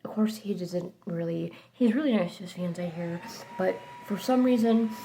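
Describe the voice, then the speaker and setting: A chatty woman in a casual storytime, her voice slipping between hushed asides and loud bursts. Her tone has a gravelly, fry-tinged edge, and a faint hiss of noise sits behind her. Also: on the low side, moderate pace. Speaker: vlogger telling a story.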